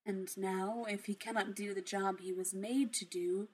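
A woman voicing a calm, polite male AI butler who speaks quietly and formally. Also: medium pitch, a little slow, husky. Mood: solemn.

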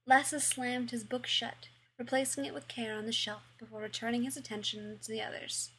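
A woman reading a fan fiction story aloud in a plain, steady way. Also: a little high, brisk, slight background noise. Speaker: reader.

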